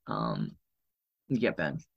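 A man's voice: very deep voice, very animated, extremely slow, creaky, slightly rough, lo-fi sound. A man co-hosting a casual sports podcast, dropping wry short remarks. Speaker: podcast co-host.

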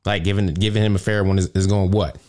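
A man hosting a podcast, ranting indignantly in casual, profane street slang, often jumping high with emphasis. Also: little pitch movement, quick pace, darkish tone. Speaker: podcast host.

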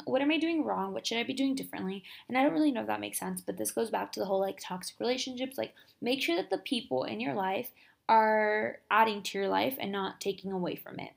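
A young woman talks through a casual motivational podcast episode, chatty and upbeat. Her mid-pitched voice carries a noticeable vocal fry. She keeps it conversational, with quick asides and plenty of filler words. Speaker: podcast host.

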